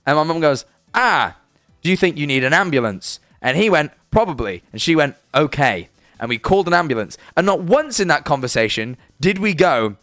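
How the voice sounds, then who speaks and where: Young british guy ranting on stream, bit high voice, dry close sound, faint music behind. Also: a bit bright, no echo. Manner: rambling, swearing, emphatic, lots of "right?". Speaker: streamer reacting to videos and chat. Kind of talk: casual live-stream chat.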